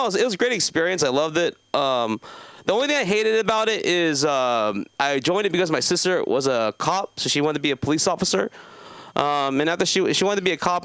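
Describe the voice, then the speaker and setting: Guy in his 30s from south LA rambling thru a standup set, lively up and down voice, smooth and dry. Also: on the high side, dry recording. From South Los Angeles. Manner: rambling, many fillers and self-interruptions. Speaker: stand-up comedian. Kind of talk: open mic stand-up. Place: comedy club stage.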